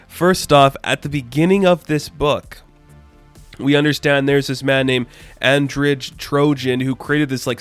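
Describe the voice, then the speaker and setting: A man's voice: medium pitch, smooth. A man giving a casual comic book review, chatty and full of fillers, loosely paraphrasing what the characters say.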